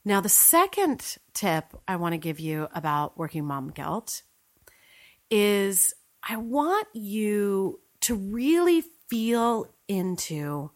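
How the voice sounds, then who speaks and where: Earnest low-pitched woman life coach. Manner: earnest, emphatic, speeds up and slows for emphasis. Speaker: life coach and podcast host. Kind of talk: motivational solo talk to listeners.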